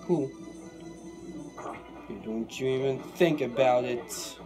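A young man giving live gameplay commentary, excitable and quick to vent frustration at the game. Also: mid-range voice. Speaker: gaming YouTuber. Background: game music.

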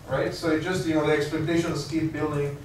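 A man's voice: a little high, flat delivery, a little fast. A man, an imam, giving a conversational religious lecture and answering audience questions, often restarting and repeating words. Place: university lecture room. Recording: echoey room from far off, faint noise.

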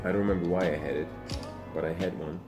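Deep-voiced man joking in a cafe. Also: fairly even intonation, quick pace. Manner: teasing, dry jokes. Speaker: vlogger. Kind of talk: casual chat. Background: music.

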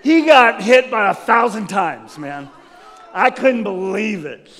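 A man preaching a sermon as pastor, telling a personal story with animated, laughing delivery. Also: high-pitched, takes it slowly, vocal fry. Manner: lively storyteller who acts out scenes with laughter. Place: church sanctuary. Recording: long reverb of a church hall.

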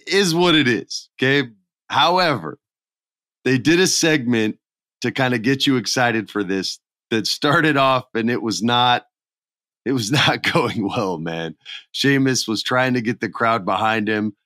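A man's voice: mid-range voice, fairly bright tone, dry recording, clean studio sound. A man hosting a podcast, chatting casually and telling stories with enthusiasm. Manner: enthusiastic, conversational storytelling. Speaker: podcast host. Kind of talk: casual chat.

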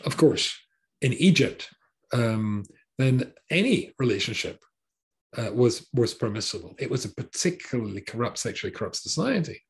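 Lively, wry rabbi teaching a text. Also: male voice, mid-range voice, moderate pace. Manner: wry asides, sarcastic jokes; hesitant restarts while translating. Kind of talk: Torah class.

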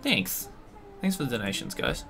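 A young man commentating his own horror game live, talking to himself, swearing and yelling in frustration. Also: mid-range voice, wildly swooping pitch, moderate pace, faint music behind. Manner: swears a lot, talks to himself, yells in frustration. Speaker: streamer playing a horror game.

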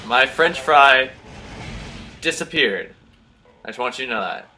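A man's voice: medium pitch, lively intonation, a little slow, bright, forceful tone, slight background noise. A young man hosting a gaming video, chatting in a goofy, playful way. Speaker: gaming channel host. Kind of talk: casual gaming chat.

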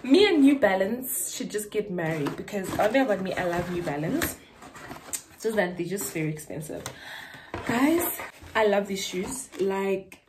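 This is a young woman, talking straight to her viewers in a casual vlog. She gushes over each item in an excitable, slangy way. Her voice sits at a middle pitch, with a faint background noise. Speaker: vlogger and school teacher. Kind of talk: casual haul chat.

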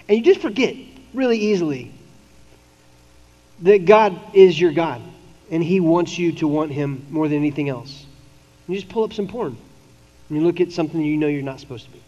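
A man's voice: on the high side, mellow. Conversational male pastor in a reverberant hall. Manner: casual, conversational preaching with playful voiced quotes. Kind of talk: sermon. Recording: dull lo-fi audio with long hall reverb.

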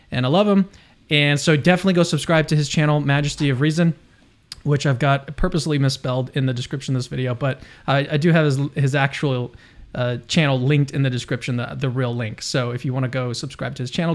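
A young adult man hosting a casual video discussion, chatty and enthusiastic with frequent restarts. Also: fairly high pitch. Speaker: host.

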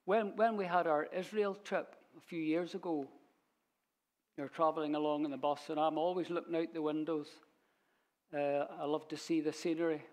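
A man teaching a Bible sermon in a church, unhurried and storytelling as he quotes verses. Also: a little high, darkish tone. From Scotland. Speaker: preacher.

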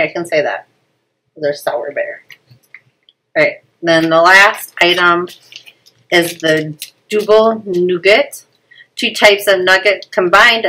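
A woman's voice: on the low side, pushed and bright, low-quality recording. A woman in her thirties hosting a casual family snack unboxing, chatty and laughing often, stumbling over foreign names. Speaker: family channel host.

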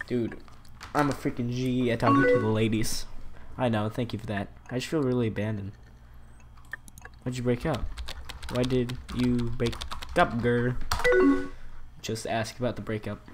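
A young man hosting a let's play, joking and reading chat messages aloud in an animated voice. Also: medium pitch, moderate pace, long pauses, heavy background noise. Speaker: gaming channel host. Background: loud game music.

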